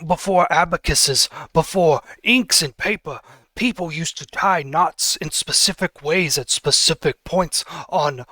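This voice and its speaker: A man voicing an excitable, scholarly male treasure-hunting buddy who marvels at old finds and speaks in broken grammar. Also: fairly high pitch, no room sound, clean studio sound.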